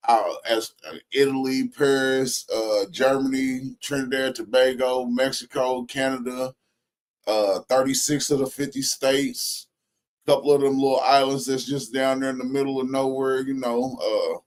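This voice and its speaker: A man from Indianapolis co-hosting a casual live stream, rambling through stories with drawn-out asides. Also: medium pitch, level tone. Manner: rambling, storytelling, drawled asides.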